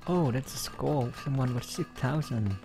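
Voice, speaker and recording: A man casually commenting on his gameplay, hesitant and muttering, with many ums and pauses. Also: mid-range voice, creaky, over music.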